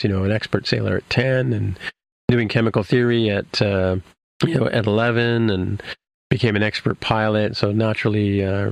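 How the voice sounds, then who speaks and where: Man, low gravelly voice, dry close sound, casual podcast recap, rambling. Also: dry recording. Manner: rambling, many fillers and restarts. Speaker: podcast host recapping an episode. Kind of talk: casual chat.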